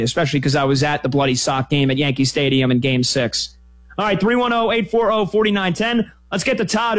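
Man, sports radio host, slightly high voice, energetic, conversational, quick asides.

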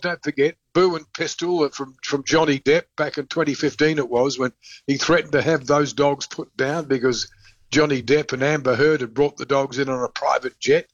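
A man reporting as a radio correspondent, blunt and colloquial, halting with fillers. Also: on the high side, no echo, lo-fi sound. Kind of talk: live radio phone report.

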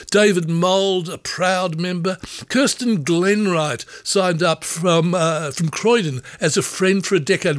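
A man's voice: a little high, no room sound. A man presenting community radio, gratefully reading out lists of listener memberships in an upbeat studio voice. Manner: upbeat, grateful, rattling through names. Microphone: studio microphone.

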